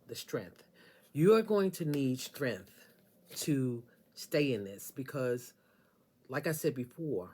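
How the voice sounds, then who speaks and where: In a low, darkish voice with a breathy edge, a woman gives a casual tarot reading. She speaks straight to the listener, emphatic and sassy, repeating phrases for effect.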